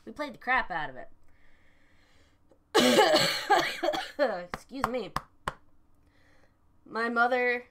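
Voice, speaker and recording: A woman's voice: fairly high pitch, sing-song, extremely slow, long pauses, noisy background. A young adult woman chatting casually on a live stream, telling stories animatedly, swearing freely and answering chat.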